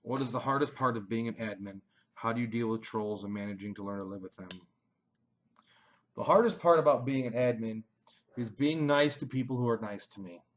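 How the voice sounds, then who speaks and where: A young man hosting a casual Q&A, cursing often and swinging between mumbled asides and sudden shouted bursts. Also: mid-range voice, fairly quick. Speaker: page admin answering fan questions. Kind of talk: casual profane Q&A chat.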